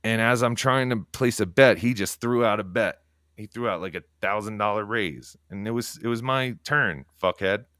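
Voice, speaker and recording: Low-voiced man cursing on a livestream. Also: moderate pace, dry recording, studio quality. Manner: profane, rambling storytelling; talking quietly so as not to wake others. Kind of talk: casual livestream monologue. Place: home at night.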